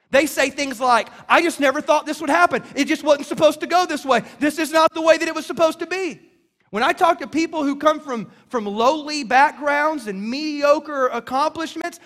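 A male pastor preaching a sermon, swinging between loud emphasis and hushed low lines, often repeating words as he goes. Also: in a large hall. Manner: stumbles and repeats words in bursts.

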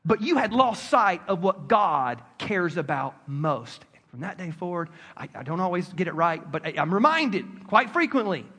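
A man preaching a sermon, telling a personal story with lively swings from loud outbursts to hushed asides. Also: high-pitched, normal speed, few pauses, husky, long reverb tail. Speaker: pastor.

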